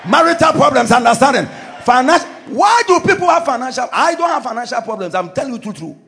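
Man, pastor, fervent charismatic sermon, high voice, swooping animated delivery. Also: fast, vocal fry, some chatter behind. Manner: fervent, shouting declarations and decrees.

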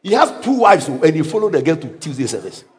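A man preaching an energetic sermon as pastor, breaking into sudden shouts and laughing at his own stories. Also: fairly high pitch, fast.

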